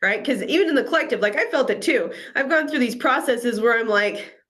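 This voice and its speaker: A woman talking casually about spiritual topics in a relaxed, affirming way, over a video call. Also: on the high side, brisk. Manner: relaxed, affirming, quotes herself. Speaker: co-host.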